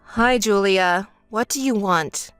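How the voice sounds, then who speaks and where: A woman voicing a calm, sensible young woman who speaks in a flat, firm and unimpressed way. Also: medium pitch, slow pace, clean tone, no echo, faint music behind. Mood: cool. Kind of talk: texting-story voice acting.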